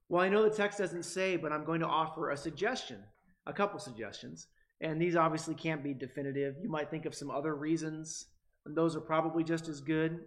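A pastor in his forties delivers a sermon with a fairly high-pitched voice. He leans hard on key words and often restarts his phrases as he builds his point. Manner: emphatic, rising loud on key words, many restarts.

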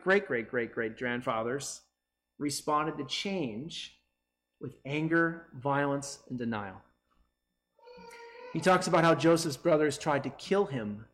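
Male pastor, mid-high voice, earnest sermon delivery with emphatic pauses.

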